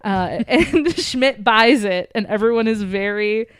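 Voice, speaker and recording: A woman hosting a podcast, casually retelling a story and acting out the characters' lines with lively energy. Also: mid-range voice, a little slow, clear, resonant tone, no room sound, clean studio sound. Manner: animated, acts out the characters' lines. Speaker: podcast host.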